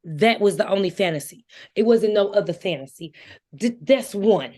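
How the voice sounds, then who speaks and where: A woman guest in a casual book discussion, talking emphatically and quick to object. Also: mid-range voice, animated, darkish tone. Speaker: guest co-reader.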